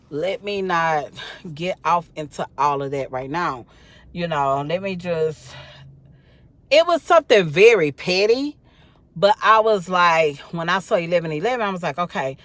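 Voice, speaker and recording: A woman's voice: lowish voice, dry recording. A tired, sleepy woman, rambling casually to her viewers with lots of fillers. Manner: rambling, chatty, many fillers. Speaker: vlogger. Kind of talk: casual talk to camera.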